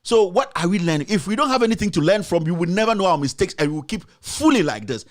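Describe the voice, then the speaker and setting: A man's voice: high-pitched, big pitch swings, fast talker. A man with a Ghanaian accent giving passionate political commentary as a talk show host, answering his critics directly with repeated rhetorical questions. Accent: Ghanaian English.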